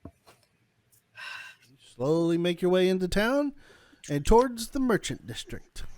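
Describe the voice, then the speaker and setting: A man narrating as game master, halting with many fillers. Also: high voice, big pitch swings, darkish tone. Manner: halting, lots of fillers and restarts.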